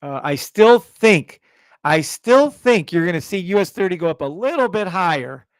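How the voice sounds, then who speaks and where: Hyped, swearing live-stream trading host. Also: male voice, high voice, animated, moderate pace, no echo. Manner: loud, hyped, profane, swings between shouting and muttering.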